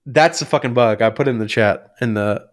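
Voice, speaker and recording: A young man co-hosting a podcast, telling animated, sweary stories about his family. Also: fairly quick. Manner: animated, sweary, acts out family members in shrill voices. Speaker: podcast co-host. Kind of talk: casual chat.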